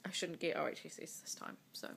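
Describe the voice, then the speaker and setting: A woman in her thirties recording a personal video diary on her phone. She is crying, and she talks in a halting, emotional way, with sighs between her words. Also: fairly bright tone, slight background noise. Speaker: vlogger. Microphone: phone mic.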